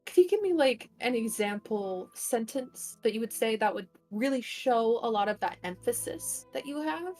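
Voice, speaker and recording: A woman playing in an online tabletop game, chatting casually in an unhurried, tentative way. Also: a little high, animated, darkish tone, soft background music. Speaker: player.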